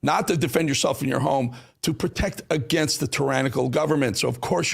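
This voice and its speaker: A man's voice: medium pitch, normal speed, creaky, fairly bright tone, husky. A man hosting a news talk show, delivering combative, sarcastic commentary on played clips.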